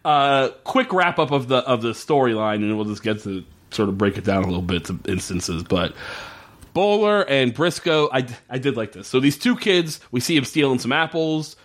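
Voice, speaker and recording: Man, casual podcast chat, lively swinging pitch, sarcastic, laughs a lot. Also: moderate pace. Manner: animated, sarcastic, swears freely, laughs often. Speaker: podcast co-host. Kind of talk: casual chat recapping a TV episode.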